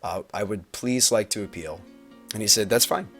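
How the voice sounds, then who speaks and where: Guy on his webcam telling a magic tournament story, rambling, animated, faint music behind. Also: moderate pace. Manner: animated, rambling, acts out quotes with big pitch swings. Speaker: Magic player recapping a tournament on a livestream. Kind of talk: casual storytelling to a stream audience. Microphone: webcam mic.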